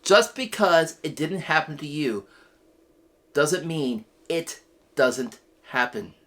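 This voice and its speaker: A man hosting a weekly web show's news segment, giving earnest, impassioned commentary that swings from quiet to loud outbursts. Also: a little high, lively intonation, slow pace. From United States.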